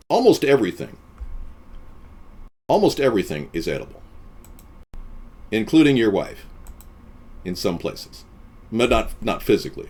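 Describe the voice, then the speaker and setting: A man hosting a live stream, chatting with viewers in a deadpan, boastful way and jumping from topic to topic. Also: on the low side, slightly rough.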